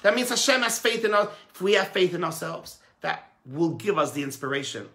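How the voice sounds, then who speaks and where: A male rabbi giving a sermon, telling a story with animated delivery that moves between hushed and emphatic. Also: high voice, a little fast, creaky.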